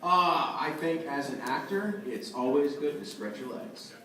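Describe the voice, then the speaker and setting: A man in his thirties, a voice actor at a convention panel, telling a story in an animated way and acting out the quotes. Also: fairly high pitch, a little slow, noisy background. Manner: animated anecdotal, acts out quotes. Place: large convention hall. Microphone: phone camera from the audience. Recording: echoey hall from far off, phone audio.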